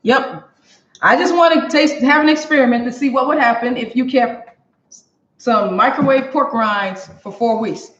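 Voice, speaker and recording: A cooking show host with a fairly high, fairly bright voice speaks at normal speed, chatting straight to viewers during a casual live stream from her home kitchen. A camera on a stand records roomy, dull kitchen audio with a little hiss or hum.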